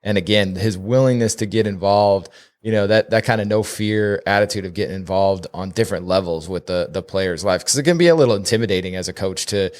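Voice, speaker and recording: Relaxed male co-host, low voice, easy enthusiasm. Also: a little fast. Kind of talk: casual podcast discussion.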